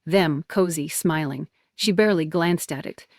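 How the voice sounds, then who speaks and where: A woman's voice: lowish voice, unhurried, dry recording, clean studio sound. A woman narrating a dramatic first-person story with emotional intensity.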